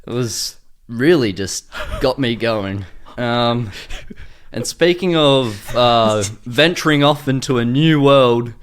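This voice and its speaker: Man, podcast co-host, goofy rambling storyteller, mid-pitched. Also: slow, clear, resonant tone. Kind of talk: casual chat.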